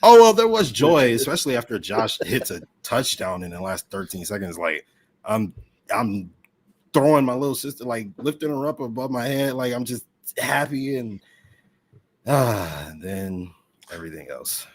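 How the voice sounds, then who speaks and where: A man speaking as a guest on a casual podcast, talking in an animated, excitable way. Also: mid-range voice, normal speed. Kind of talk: casual chat.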